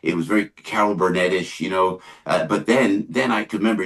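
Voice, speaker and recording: Older man telling lively comedy stories. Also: low-pitched, fast. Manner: animated, lots of yeahs and restarts. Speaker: guest, comedian. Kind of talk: casual chat, storytelling.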